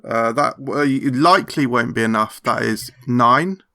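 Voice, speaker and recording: A man playing a tabletop game speaks slowly in a gravelly, creaky voice. His tone is bright and edged, and he halts and restarts often as he goes. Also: mid-range voice. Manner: halting, with many ums and restarts. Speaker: player.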